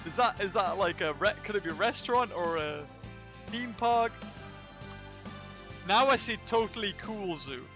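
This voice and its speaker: Over soft background music, a let's play streamer builds a zoo in a game, answering chat in casual commentary while recovering from illness. His fairly bright voice sits high, with lively intonation, normal speed and frequent pauses.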